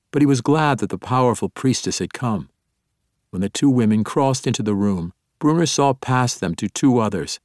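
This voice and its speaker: A man narrating an audiobook in a steady, even storytelling manner. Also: on the low side, no echo, studio quality. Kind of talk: scripted narration.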